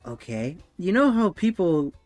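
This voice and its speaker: A young man talks his way through a streaming session in a loose, rambling way and laughs often. His voice sits a little high. Faint music plays under him. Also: sing-song, a little slow, darkish tone, dry recording. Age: young adult. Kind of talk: casual chat while 3D modeling.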